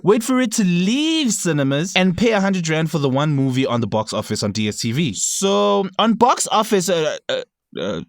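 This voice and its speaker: A young South African man rants sarcastically as a vlog host, full of jokey asides. His voice sits a bit high and swings widely in pitch. The sound is dry and close-miked. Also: no echo. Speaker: YouTube host. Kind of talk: comedic rant vlog.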